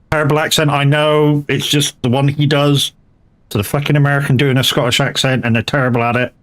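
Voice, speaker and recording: A man's voice: fairly high pitch, flat delivery, brisk, a bit bright. A man chatting casually during a live game stream, rambling and swearing freely with many restarts.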